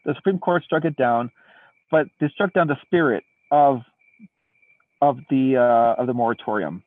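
A man's voice: medium pitch, normal speed, dry recording. A man co-hosting a podcast, explaining current events at length in a casual, indignant way from outdoors at night. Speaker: podcast co-host. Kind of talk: casual political chat. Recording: tinny distant phone-like remote line.

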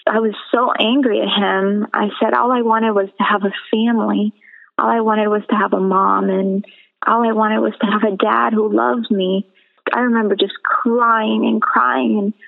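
A woman from the Caribbean, a guest on a radio interview, telling her personal testimony in an earnest, measured way over a phone line. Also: medium pitch, level tone, vocal fry. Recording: tinny phone-line audio.

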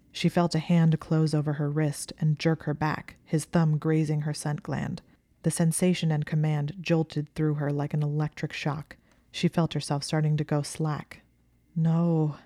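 Woman narrator for an audiobook-style story read: low, dark, even, close and dry. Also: dry recording. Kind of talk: audiobook reading of fan fiction.

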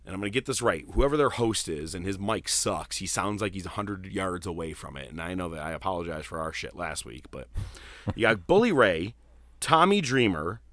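A man hosting a casual wrestling podcast, telling stories in a profane, animated way. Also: low-pitched, a little fast, no room sound. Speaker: podcast host.

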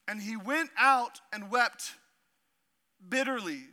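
A man with a notably high, bright, forceful voice, preaching a sermon. He reads scripture aloud and then drops into animated, humorous asides. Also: moderate pace. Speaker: pastor.

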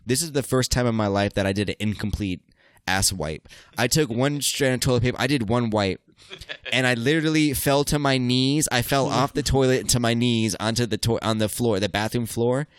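A man hosting a casual chat, telling a crude, profane story with lively energy. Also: mid-range voice, brisk, smooth, no echo.

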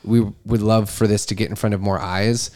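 Man, podcast co-host, lowish voice, halting, many restarts, casual chat. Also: steady tone, a little mellow. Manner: halting, restarts often, rises when emphatic. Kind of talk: casual faith talk.

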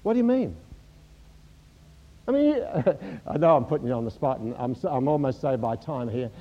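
A man preaching a sermon, animated and joking with the congregation. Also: medium pitch, a little fast, lo-fi sound, a little hiss or hum. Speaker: pastor.

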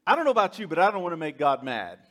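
A man's voice: on the high side, big pitch swings, very fast, a bit bright. A man preaching a sermon as pastor, conversational and joking with his congregation. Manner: humorous, conversational, laughs with the congregation.

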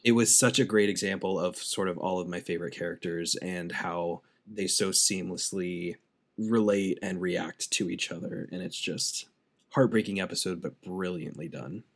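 A man co-hosting a podcast, talking through a TV episode in a relaxed, thoughtful way that trails off softly. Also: low-pitched, normal speed. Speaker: podcast co-host. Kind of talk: casual podcast chat.

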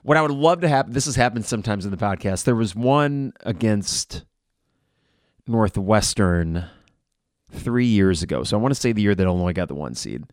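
A man hosting a live game reaction podcast, blunt and frustrated, who swears and flares into shouting. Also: fairly low pitch, animated, moderate pace, no room sound, studio quality.

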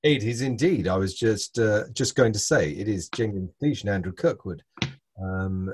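A man's voice: on the low side, moderate pace, noisy background. A man hosting an interview, asking questions and chuckling, hesitant with many restarts. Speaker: podcast host. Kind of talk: casual interview chat.

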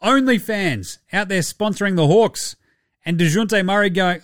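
A man hosting a casual sports podcast, animated and jokey, swearing freely. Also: high voice, unhurried, dry recording, studio quality. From Australia. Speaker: podcast host.

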